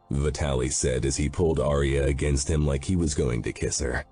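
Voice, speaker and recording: A man narrates a first-person audiobook with grim intensity. His voice is extremely deep, dark and husky. Soft music sits faintly behind him. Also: fairly even intonation, normal speed, hardly any pauses.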